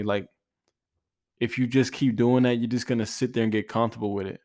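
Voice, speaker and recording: A man's voice: mid-range voice, steady tone, brisk, a little mellow, dry recording, studio quality. A man in his twenties hosting a podcast, giving an earnest, casual motivational talk full of slang, repeated phrases and restarts. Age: 20s. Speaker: podcast host.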